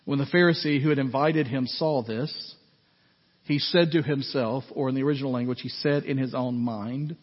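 A man preaching a sermon as pastor in a conversational, animated way, with frequent asides to his congregation. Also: medium pitch, normal speed, husky. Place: church sanctuary. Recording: echoey hall, dull lo-fi sound.

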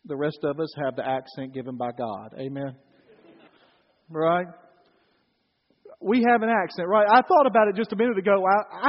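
Southern US male pastor, middle-aged, folksy sermon, high voice, muffled hall recording. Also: expressive, moderate pace, pauses often. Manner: folksy, swings between loud storytelling and quiet solemn preaching. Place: church sanctuary. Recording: muffled, hall reverb from a church.

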